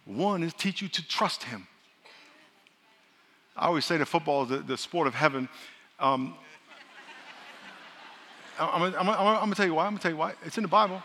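A man's voice: on the high side, normal speed, long pauses, pushed and bright, slight background noise. A man preaching a sermon as pastor, joking with the congregation and leading call-and-response declarations. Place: large church hall. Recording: long church-hall reverb.

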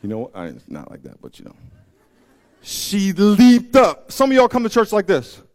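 A man's voice: sits high, normal speed. A man preaching a sermon, telling stories and joking with his listeners. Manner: animated storytelling, joking with the audience. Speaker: pastor.

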